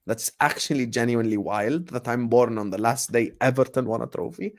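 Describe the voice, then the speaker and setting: A young man in his late twenties hosts a loose live Q&A for his football channel, thanking viewers and riffing on their questions. His talk is animated and chatty, and he often says a line twice. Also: medium pitch, fairly quick, few pauses. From grew up partly in the UAE. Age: 20s. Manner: animated, repeats phrases, warm thanks to viewers. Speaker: YouTube football channel host. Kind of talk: casual live Q&A chat.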